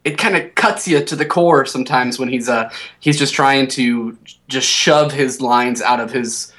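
Man with a fairly high-pitched voice. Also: measured pace, a bit bright. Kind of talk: casual movie chat.

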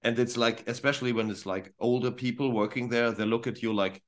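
A man from northern Germany with a German accent, a musician guest chatting casually on a podcast, lively and full of quick restarts. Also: medium pitch. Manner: animated, quick restarts, mimics voices in stories.

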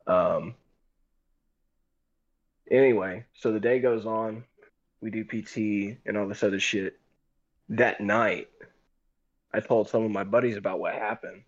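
A man's voice: fairly low pitch, normal speed, highs cut off. A young man casually telling a rambling, profane story on a group voice call. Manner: profane, rambling, animated retelling.

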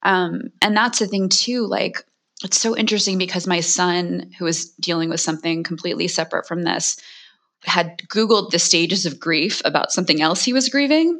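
Candid, fast-talking woman in her forties. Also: on the low side, a bit bright. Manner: emotional, fast, frequent "like" fillers. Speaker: guest author. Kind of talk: candid conversational talk.

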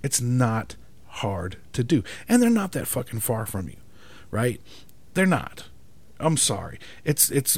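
A man's voice: medium pitch, a little mellow. A man ranting in a profane monologue, exasperated and emphatic, swearing constantly and often asking "right?" for agreement.

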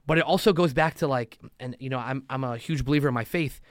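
A man's voice: mid-range voice, fast talker, dry recording, clean studio sound. A man talking as a podcast guest, telling stories and acting out quotes in long motivational runs. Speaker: podcast guest, loan officer. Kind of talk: casual podcast talk.

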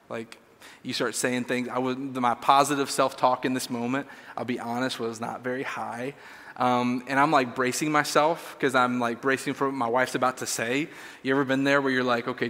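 A man's voice: medium pitch, fairly bright tone. A man telling a casual, self-deprecating personal story in a sermon, with lots of fillers. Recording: long hall reverb.

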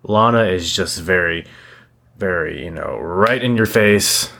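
Low-voiced man ranting bluntly. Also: unhurried, creaky. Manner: blunt, profane, animated ranting with restarts. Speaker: podcast co-host. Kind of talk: casual opinionated chat.

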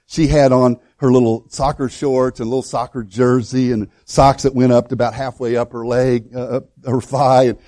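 A male pastor preaching a sermon in a folksy, storytelling way, with many halting restarts. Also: mid-range voice, level tone, dark tone. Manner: storytelling, folksy and self-deprecating.

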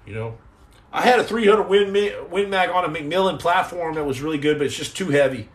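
Middle-aged male streamer, fairly high voice, energetic and joking, answers chat directly. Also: fairly quick. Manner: lively, jumps between jokes and chat shout-outs. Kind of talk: casual live-stream chat.

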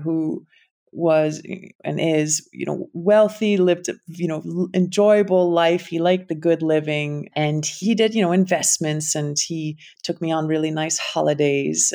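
A woman's voice: deep voice, gravelly, a little mellow. A middle-aged woman with a Connecticut accent, speaking candidly and thoughtfully in an interview, sometimes trailing off. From United States. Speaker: impact investing founder and guest. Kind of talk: reflective interview talk.

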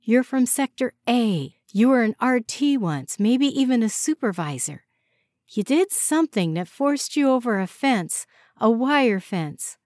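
A woman's voice: a little high, expressive, a little slow, darkish tone, no echo, studio quality, pitched above the performer's own voice. A woman voicing Georgia, an earnest young woman who talks in an urgent, pleading way. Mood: insistent. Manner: pleading, insistent.

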